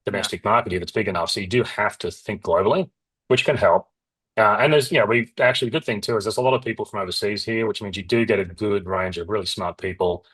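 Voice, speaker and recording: A middle-aged Australian man, a company founder, talking in a rambling, animated way with lots of restarts and asides in an interview. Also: lowish voice, quick pace, slightly rough, no room sound, low-quality recording. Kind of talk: casual interview talk.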